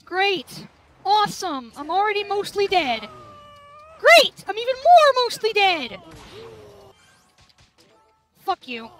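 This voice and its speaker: A woman's voice: very high voice, very animated, slow pace, long pauses, fairly bright tone, soft background music. A woman gamer doing let's play commentary, furious and swearing constantly at the game.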